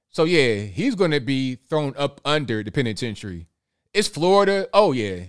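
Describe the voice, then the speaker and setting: A man's voice: medium pitch, big pitch swings, moderate pace, smooth. A man hosting a live stream in a loose, chatty way, reading viewer messages, often repeating words and chuckling. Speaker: livestream host reading viewer super chats. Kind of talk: casual live-stream chat.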